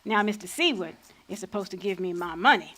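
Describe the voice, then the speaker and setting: A woman acting out a proud old freedom fighter in a stage play. She spins folksy tales with a sly, playful edge and doesn't back down an inch. Her pitch sits mid-range for a woman. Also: animated, a little fast, bright, forceful tone. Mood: patient explaining. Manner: folksy vernacular storytelling, playful and defiant. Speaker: lead actor.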